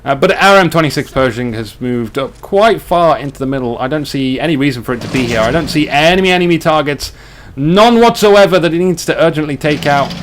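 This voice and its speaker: A man's voice: fairly high pitch, a little fast, a little hiss or hum. Chatty gamer man commentating a match. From Australia. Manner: chatty, excitable, jokey. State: hiccuping. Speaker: game commentator. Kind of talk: live strategy game commentary.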